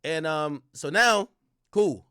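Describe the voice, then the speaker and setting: A man's voice: a little high, animated, slow pace, pushed and bright, clean tone, dry recording, clean studio sound. A young man streaming commentary, reading documents aloud and reacting bluntly with lots of profanity.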